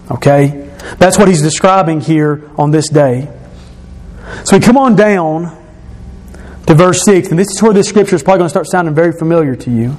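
A man preaching a sermon, explaining scripture verse by verse and repeating key phrases, slowing and dropping his voice for emphasis. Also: a little high, a little mellow. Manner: slows and drops his voice for emphasis.

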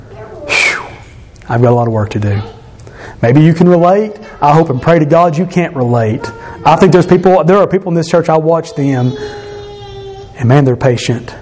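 A man's voice: mid-range voice, moderate pace, pauses often, a little mellow, slight background noise. A middle-aged man preaching a candid, self-deprecating evening sermon in a church, sighing between points. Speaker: pastor. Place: church sanctuary.

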